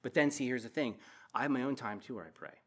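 A middle-aged man preaching a sermon as a pastor in a church, passionate, with loud emphatic bursts and quiet asides. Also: mid-range voice, animated, quick pace, husky.

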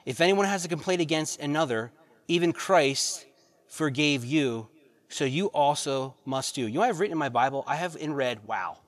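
A pastor preaching a sermon, reading verses and pressing the congregation with rhetorical questions and repeated phrases. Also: male voice, a little high, lively intonation, moderate pace.

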